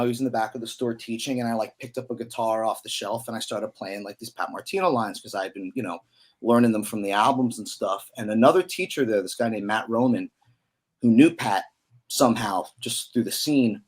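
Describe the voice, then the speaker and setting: Speaking a bit quickly in a slightly mellow, mid-range voice, the thirty-something musician from Pennsylvania rambles through his stories. His guest storytelling is loose and chatty, sprinkled with fillers and slang.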